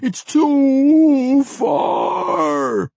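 A man's voice: very high-pitched, sing-song, extremely slow, darkish tone, no room sound, pitched above the performer's own voice, full character voice. A man voicing a frantic male mage who slips into dog-like yelps, pleading and wailing dramatically.

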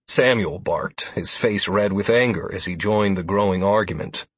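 A man narrating a first-person fantasy story in an expressive way, with defiant dialogue. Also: sits low, moderate pace, hardly any pauses, breathy edge, dry recording. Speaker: audiobook narrator.

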